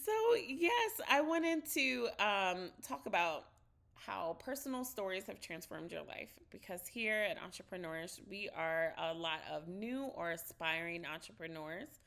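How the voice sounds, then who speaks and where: A woman with a Southern US accent hosting a business interview show, bubbly and quick to laugh. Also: on the low side, expressive, gravelly, bright, forceful tone. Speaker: host.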